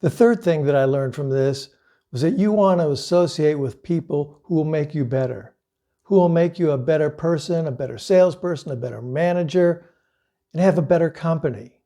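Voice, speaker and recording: A middle-aged man coaching on sales, telling his story in a casual, earnest way. His voice sits a little high yet sounds mellow and warm. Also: moderate pace. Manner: conversational, earnest, with casual fillers.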